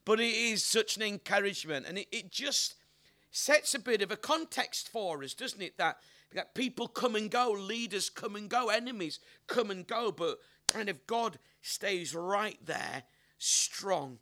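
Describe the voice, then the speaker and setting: Casting note: male preacher, fifties, high and forceful, emphatic sermon delivery with questions thrown to the room. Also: animated, unhurried. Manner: emphatic, asks the audience rhetorical questions. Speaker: evangelist preacher.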